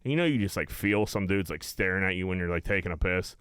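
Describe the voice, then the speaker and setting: A man's voice: low-pitched, fast talker, fairly bright tone, clear, resonant tone, no echo. A young man from Pittsburgh co-hosting a podcast, telling rambling stories in casual chat and swearing often. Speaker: podcast co-host.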